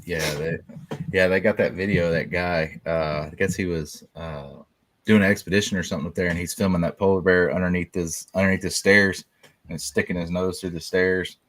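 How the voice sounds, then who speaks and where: A man guest on a podcast, talking casually, halting and repeating himself, with lots of "you know". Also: sits low, steady tone, a bit bright, dry recording.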